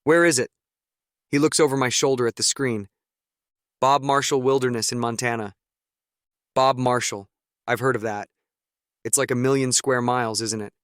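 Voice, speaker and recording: A man reading a teen spy thriller as first-person audiobook narration in a low, measured way. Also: steady tone, smooth, no echo, clean studio sound.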